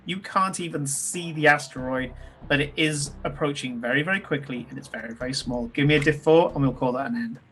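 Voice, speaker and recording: A man's voice: a little high, brisk, fairly bright tone. A man narrating as game master in a tabletop game, talking loosely with fillers and restarts. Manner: loose, descriptive, many ums and restarts.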